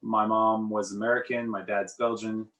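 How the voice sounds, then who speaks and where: Laid-back guy from southern france, lowish voice, sounds far off in an echoey room on a call. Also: flat delivery, normal speed, a bit bright. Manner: easygoing, meandering, many uhs. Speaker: podcast guest, musician. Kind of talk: casual chat over a remote call. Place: home room by the sea in England. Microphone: remote call. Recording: roomy, distant call audio.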